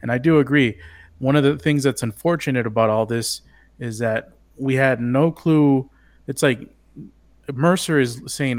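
A man's voice: medium pitch, unhurried, dry recording. A man co-hosting a podcast, chatting casually about a TV show, hesitant with frequent restarts. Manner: hesitant, many restarts, chuckling asides. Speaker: podcast co-host. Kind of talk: casual chat discussing a TV show.

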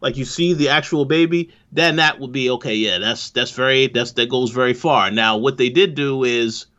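A man co-hosting a casual talk, speaking in a measured, hesitant way with repeated words. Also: mid-range voice, bright, forceful tone. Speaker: podcast co-host. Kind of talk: casual discussion. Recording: dull lo-fi mic.

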